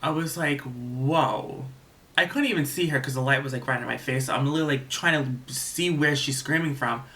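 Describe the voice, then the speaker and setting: A young man with a bright, forceful voice tells a storytime vlog. He rambles, backtracks, fills every gap with "like," and swears casually. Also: medium pitch, fast talker. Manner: rambling, lots of "like" and restarts, swears freely. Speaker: vlogger.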